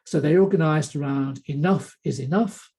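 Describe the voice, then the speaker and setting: A man's voice: on the high side, moderate pace, vocal fry, dark tone, breathy edge. A man giving an online academic lecture, talking with many hesitations and restarts. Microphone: computer mic on a video call.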